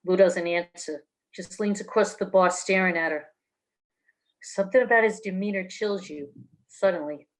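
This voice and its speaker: A woman's voice: lowish voice, moderate pace. A woman from New Jersey reading her own noir fiction aloud in a blunt, streetwise way over a video call. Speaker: author reading her work.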